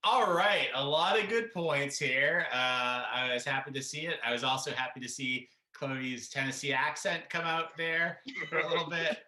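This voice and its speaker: A male host chats in a joking, rambling way, with a bright, forward tone. The sound is roomy, with the voice ringing a little off the walls. He laughs often between points. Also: a little high, normal speed, hardly any pauses. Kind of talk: casual chat. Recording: roomy echo.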